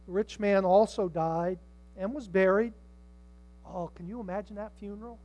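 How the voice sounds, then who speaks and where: An older man preaching a sermon, swinging from hushed tones to shouts and acting out the people in his stories. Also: high-pitched, moderate pace, rough recording. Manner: dramatic, swings from hushed to shouting, acts out voices.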